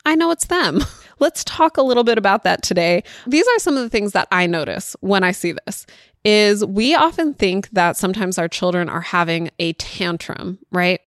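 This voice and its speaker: A woman's voice: medium pitch, expressive, moderate pace, no echo, studio quality. A woman in her thirties hosting a parenting podcast, talking in a chatty way, laughing often and dropping in a lot of "like.". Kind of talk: casual chat.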